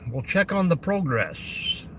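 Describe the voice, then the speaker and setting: A man's voice: on the high side, huge pitch swings, slow, a little hiss or hum. A man hosting a casual livestream about camping, rambling along and greeting viewers by name. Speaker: camping channel host.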